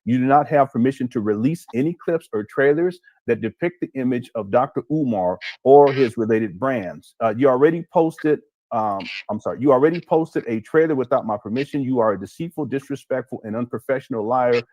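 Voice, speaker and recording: A man reading out a message in a firm, deliberate way. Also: mid-range voice, darkish tone, dry recording.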